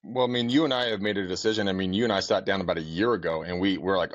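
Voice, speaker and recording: A man's voice: low voice, very fast, no echo. A man co-hosting a podcast, blunt and casual, swearing freely. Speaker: podcast co-host. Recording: dull lo-fi sound, dry.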